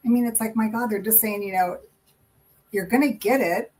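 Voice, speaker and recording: A woman's voice: medium pitch, moderate pace, darkish tone, poor audio. A woman giving a live tarot reading in casual, rambling chat, laughing often. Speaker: tarot reader and co-host.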